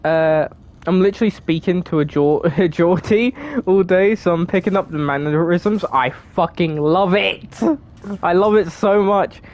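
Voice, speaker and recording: A woman's voice: fairly low pitch, unhurried, a little mellow. A woman with a southern English accent, from England, chatting casually while streaming a game, sweary, giggly and rambling.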